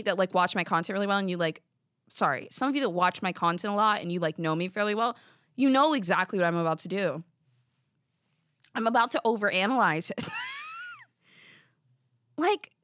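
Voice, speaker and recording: A young woman hosts a podcast from a studio, her mid-range voice fairly bright with no echo. Her casual chat rambles, full of giggles and self-deprecating remarks.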